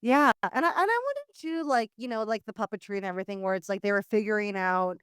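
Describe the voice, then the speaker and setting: A woman hosting a podcast in casual chat, animated and wry, full of "like" and "you know what I mean". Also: medium pitch, quick pace, clear, resonant tone, no echo, clean studio sound. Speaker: podcast host.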